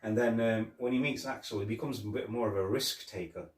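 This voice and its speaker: A man's voice: lowish voice, fairly quick. A man hosting a podcast, chatting casually about a film, rambling and retelling scenes with laughs. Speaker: podcast host. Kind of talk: casual film review chat. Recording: roomy echo, mic at a distance.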